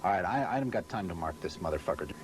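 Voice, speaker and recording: A man's voice: low-pitched, lively intonation, racing, a little hiss or hum. A short-tempered man reading lines for a promotional film, cursing and flustered each time he forgets a line. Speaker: spokesman filming a promotional video. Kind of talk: outtakes from a scripted promotional shoot. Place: in and around a vehicle on a hot set.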